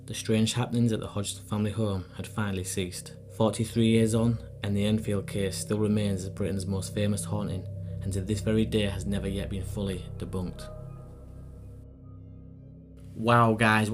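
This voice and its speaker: Earnest man narrating over music. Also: on the low side. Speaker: host and narrator. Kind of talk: scripted narration then casual chat to viewers. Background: background music.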